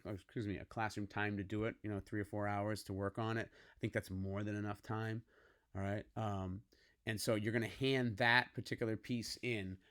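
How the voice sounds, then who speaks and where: Low-voiced man teaching design casually. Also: a bit bright. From United States. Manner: casual, coaxing, frequent "okay?" check-ins. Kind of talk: screen-recorded classroom tutorial.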